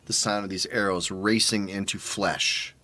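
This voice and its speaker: A man narrating a tabletop game as game master, relaxed and halting with frequent ums. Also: fairly low pitch, slight background noise.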